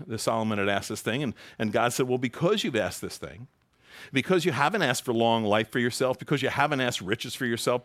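A man's voice: medium pitch, a bit bright. A man preaching a sermon in a conversational, joking way, reading scripture aloud to a congregation. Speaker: pastor.

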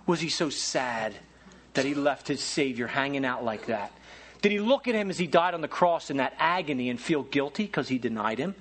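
A man preaching a sermon as pastor, telling stories in a lively, folksy, humorous way. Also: a little high, fairly quick. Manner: animated storytelling with folksy humor.

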